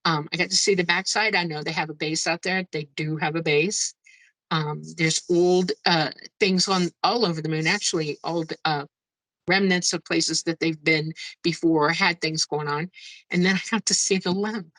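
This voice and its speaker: A woman guest telling her own story in a casual, excitable way, often exclaiming and laughing as she goes. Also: lowish voice, moderate pace, no room sound, low-quality recording. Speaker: guest, UFO experiencer. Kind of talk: casual first-person storytelling.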